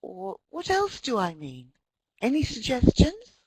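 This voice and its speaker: A woman presents an online talk on language with a husky, breathy edge to her voice. Her pitch rises and falls in a lively way as she tells anecdotes and puts on the voices of the people she quotes. The sound is close and dry. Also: unhurried, dry recording, rough recording. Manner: lively storytelling, acts out quotes. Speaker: webinar presenter.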